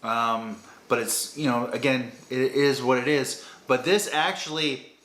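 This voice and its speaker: A man's voice: medium pitch, fairly even intonation, unhurried, fairly bright tone. A man giving a chatty, rambling, upbeat beer-tasting review. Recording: roomy echo.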